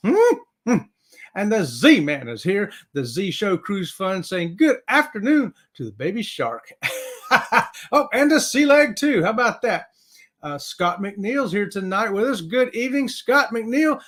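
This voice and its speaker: An energetic man chats casually on a livestream. His voice sits high for a man, and he keeps things upbeat and friendly as he hypes up his viewers. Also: a little slow. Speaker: livestream host.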